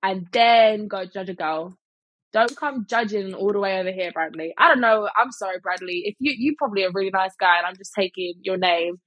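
A woman's voice: medium pitch, brisk, fairly bright tone, rough recording. A young woman chatting casually in a storytime vlog, full of fillers and mimicking other people in quotes. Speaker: vlogger.

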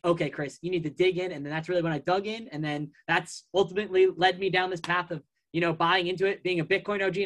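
A man's voice: high-pitched, bright, forceful tone. A man as a podcast guest in casual chat, telling a long story in a rambling way, full of fillers and restarts.

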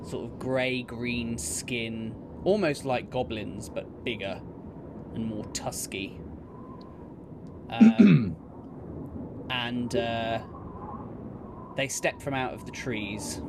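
Male game master, unhurried narration, tabletop game, audible noise behind. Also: mid-range voice, steady tone. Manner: unhurried, descriptive, casual.

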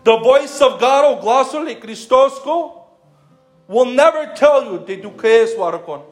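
A man with a strikingly high voice preaches a sermon, firing off repeated rhetorical questions and calling out listeners by name. He slips between English and another language mid-sentence. The room rings with echo, and a guitar plays faintly behind him. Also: animated, unhurried.

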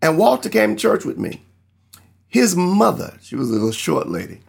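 Guy preaching, telling a story from his own life, earnest, kinda gravelly voice. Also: high-pitched, huge pitch swings, moderate pace. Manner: earnest, storytelling, acts out quoted people. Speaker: pastor. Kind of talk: sermon with personal testimony.

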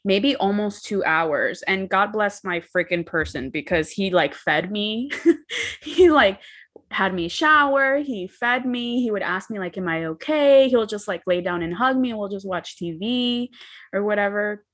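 A woman's voice: medium pitch, lively intonation, measured pace, a bit bright. A young woman in casual chat, telling candid, rambling stories with some swearing.

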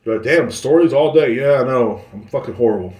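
Talking fairly quickly and with lots of energy, this man carries a laid-back solo podcast full of jokes, tangents, and frequent cursing. His mid-range voice has a slightly mellow tone, captured in an echoey room.

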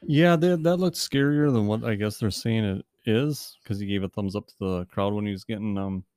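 A man's voice: fairly low pitch, normal speed, darkish tone, dry recording, clean studio sound. A man casually chatting about fantasy football as a podcast co-host, rambling with many fillers and restarts, and he has the hiccups.

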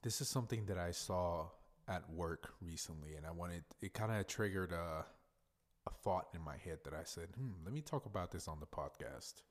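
A man with a very deep, low-pitched voice hosts a solo podcast. He talks casually and bluntly, swears freely, and gives advice in a plain, straight-talking way. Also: expressive, moderate pace. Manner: blunt, profane and conversational. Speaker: podcast host. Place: workplace in a hotel lobby.

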